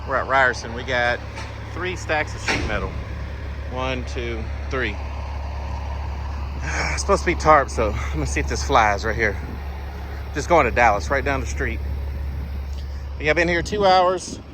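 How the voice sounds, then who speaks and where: A man's voice: medium pitch, lively intonation, a little slow, pauses often, background noise. A man, a truck driver vlogging casually about his day, plainspoken and rambling with sighs and fillers, talking into a handheld phone outdoors. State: out of breath. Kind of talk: casual vlog chat. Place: at a truck and around a loading yard outdoors.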